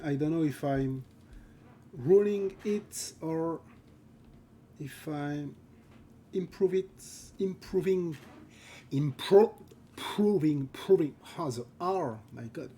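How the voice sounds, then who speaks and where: Streamer, male, French native with a French accent, unhurried delivery, soft mellow tone, halting and word-searching, casual live-stream chat. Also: fairly high pitch, a little hiss or hum. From France. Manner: halting, searches for words, often laughs. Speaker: concept artist streaming live.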